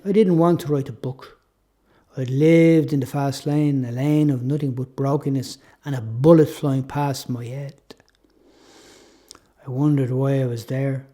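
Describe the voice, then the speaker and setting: A man's voice: medium pitch, mellow. A man reading his own story aloud as a reflective, first-person audiobook narration.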